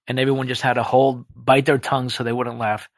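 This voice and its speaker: A man chatting as a podcast guest, animated and jokey, slipping into quick impressions. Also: medium pitch, dry recording. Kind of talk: casual podcast chat.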